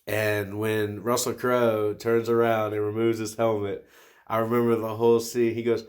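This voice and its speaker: A man's voice: fairly low pitch, flat delivery, moderate pace, clear, resonant tone. A man in his twenties hosting a solo podcast, talking casually and enthusiastically about movies, rambling with many restarts. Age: 20s. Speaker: podcast host.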